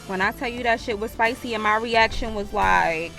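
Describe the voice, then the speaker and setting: A woman's voice: on the high side, moderate pace, creaky, fairly bright tone, faint music behind. A woman vlogger, telling a storytime with profanity and acted-out quotes. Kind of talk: storytime vlog.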